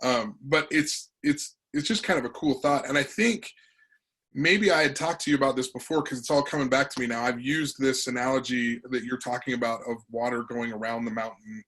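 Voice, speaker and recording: A man's voice: mid-range voice, steady tone, a little fast, fairly bright tone, poor audio. A man hosting an interview, chatting loosely and rambling as he frames his questions. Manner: loose, rambling, lots of fillers. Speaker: interviewer, host. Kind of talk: conversational interview.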